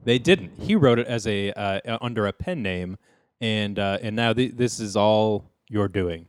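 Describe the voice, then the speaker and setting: A podcast host recaps a sitcom in a deadpan, casual, comedic way. His voice sits fairly low and sounds clear and resonant, delivered at a moderate pace. The recording is studio quality, with no room sound.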